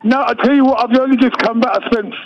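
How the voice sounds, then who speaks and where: Gravelly-voiced man on a dull line. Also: very high voice, steady tone, quick pace, no echo. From England. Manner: laughs easily, repeats himself. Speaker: guest boxer. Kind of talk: casual interview chat. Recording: dull lo-fi line, faint noise.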